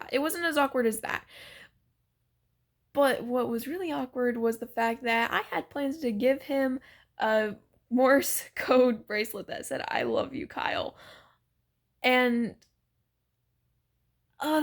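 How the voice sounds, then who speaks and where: A woman's voice: on the high side, fairly bright tone. Chatty, giggly woman telling a story. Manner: chatty, giggly, lots of "like" and "so basically". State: sick. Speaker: vlogger. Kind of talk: storytime vlog.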